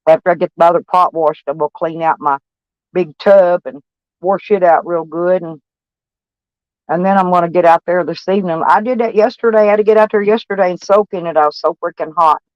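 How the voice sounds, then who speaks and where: A woman's voice: lowish voice, fairly quick, no echo. An older woman vlogging about her day to camera, blunt, profane and rambling. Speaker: van-life vlogger. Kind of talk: casual rambling talk to camera. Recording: dull, dry recording.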